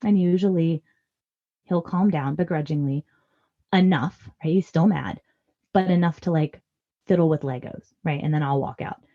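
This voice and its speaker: A woman's voice: deep voice, normal speed, pauses often, highs cut off. A woman in her thirties giving earnest, reassuring parenting advice in a podcast conversation. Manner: earnest and reassuring, acts out parent lines softly. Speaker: parenting guest expert.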